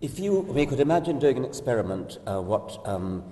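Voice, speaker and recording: Older man, dark and roomy. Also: mid-range voice, sing-song. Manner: measured, explanatory, with occasional restarts. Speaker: discussion guest. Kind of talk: conversational scholarly discussion. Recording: echoey hall, distant mic.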